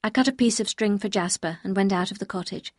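A woman reading a novel aloud as first-person narrator, in a clear, measured storytelling manner. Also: mid-range voice, dry recording, clean studio sound. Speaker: audiobook reader.

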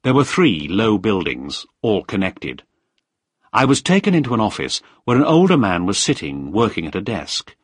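A man narrating a first-person story in a measured, firm way. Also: on the low side, wildly swooping pitch, slightly rough, dry recording. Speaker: audiobook narrator.

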